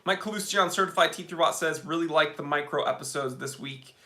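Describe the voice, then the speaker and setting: A man's voice: fairly high pitch, brisk, sharp tone. A man hosting a casual live stream, chatting upbeat and reading out viewer comments with lots of fillers.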